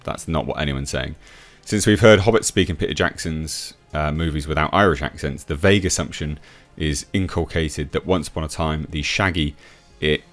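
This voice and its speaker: A man's voice: rumbling low, normal speed, hardly any pauses, a bit bright, soft background music. A man from England, reading out an article and mocking it in opinionated commentary, laughing and restarting often. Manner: scoffing, laughs at what he reads, many restarts. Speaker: YouTube reviewer.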